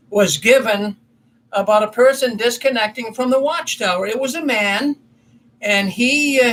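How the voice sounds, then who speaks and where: A man's voice: high voice, a bit bright, slight background noise, rough recording. A man hosting a casual commentary show, telling a story in a rambling, folksy way and correcting himself as he goes. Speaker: commentary host.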